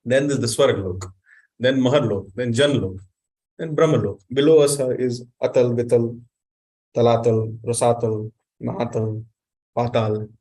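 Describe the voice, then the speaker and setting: A man giving an animated sermon, questioning the audience and reciting Sanskrit verses. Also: medium pitch, a little slow. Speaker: spiritual teacher.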